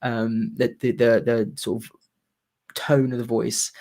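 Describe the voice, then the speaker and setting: A British man in his thirties hosts a casual theatre live chat, often repeating words as he works toward his point. His voice is mid-range, level and darkish, and he speaks slowly.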